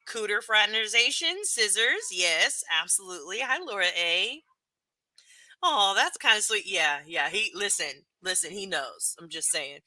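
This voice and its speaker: A woman's voice: mid-range voice, animated, moderate pace, pushed and bright, dry recording. A woman streamer chatting casually with her live chat and reading comments aloud, laughing often between remarks. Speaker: livestreamer.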